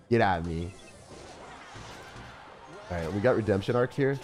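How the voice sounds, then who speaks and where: Lively low-voiced man commentating gameplay. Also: measured pace, a little hiss or hum. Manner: animated, excitable, talks to chat. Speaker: gaming streamer. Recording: faint music behind.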